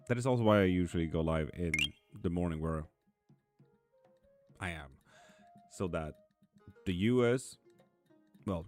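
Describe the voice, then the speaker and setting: On a live tarot stream, a man from Sweden with a deep, darkish voice reads out viewer comments and responds to each person by name. His chat is relaxed and blunt, captured on a streaming mic.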